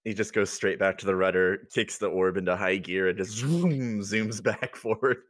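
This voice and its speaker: A man's voice: deep voice, fairly even intonation, moderate pace, fairly bright tone, no room sound, studio quality. A man narrating as game master of a tabletop game, casual and often laughing.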